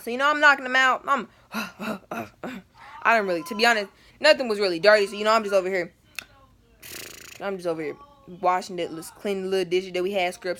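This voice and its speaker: A teenage girl telling a storytime vlog at home. Her voice sits at an ordinary middle pitch, and she talks in an animated, chatty way full of casual slang. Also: a little fast. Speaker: vlogger.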